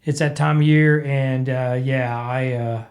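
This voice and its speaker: A congested Midwestern man, recovering from sickness, vents and meanders through a casual solo episode of his podcast, his voice cracking. He speaks unhurriedly in a mid-range, darkish voice with fairly even intonation.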